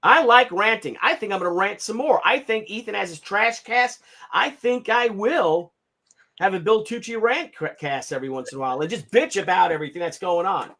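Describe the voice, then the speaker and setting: A man in his fifties hosting a casual livestream, ranting in an animated, sarcastic and profane way. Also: high-pitched, a little fast. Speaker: comic artist hosting a livestream.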